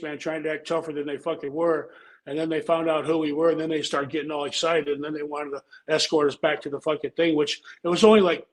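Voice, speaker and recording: An older man tells a rambling story thick with swearing, his voice sitting a little high for a man. He talks in a loose, laid-back way, like a former pro wrestler chatting with friends. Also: poor audio. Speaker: pro wrestler and show regular. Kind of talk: casual storytelling chat.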